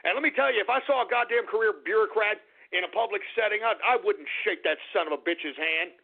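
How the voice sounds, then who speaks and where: A man's voice: high voice, quick pace. A man hosting a radio show, ranting angrily at listeners, cursing heavily and repeating his points. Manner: angry ranting, heavy cursing; repeats phrases, addresses listeners as folks. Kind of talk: call-in radio rant. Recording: tinny phone-like radio audio.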